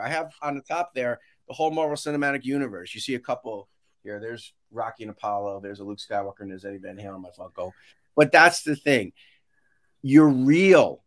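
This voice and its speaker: A man with a slightly high voice is a guest in a casual podcast interview over video call, speaking from a home office with shelves. An education consultant, he's an animated storyteller who acts out what others said and restarts often.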